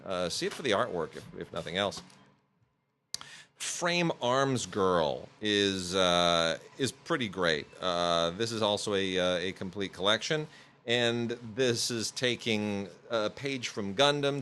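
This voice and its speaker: Bright-voiced man rambling through reviews. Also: fairly low pitch, slight background noise. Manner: rambling, many fillers and restarts. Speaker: podcast host reviewing home video releases. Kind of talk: casual review chat.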